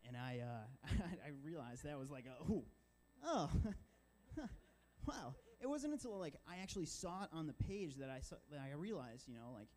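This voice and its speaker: A man's voice: medium pitch, expressive, moderate pace, darkish tone, poor audio. A young man, a church intern, sharing a casual personal testimony full of fillers.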